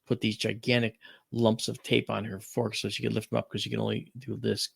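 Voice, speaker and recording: Gravelly-voiced man telling a story. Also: on the low side, monotone, brisk, no room sound, studio quality. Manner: rambling, emphatic, with restarts. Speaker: radio show host. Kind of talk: casual storytelling chat.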